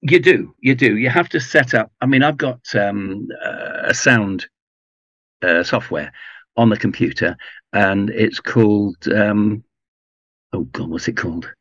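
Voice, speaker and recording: A man with an English accent, chatting in an interview in a relaxed, rambling way with many ums and restarts. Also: fairly low pitch, a little slow, no room sound, lo-fi sound. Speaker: audiobook narrator guest. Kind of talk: casual interview chat. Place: home garage booth with foam pads.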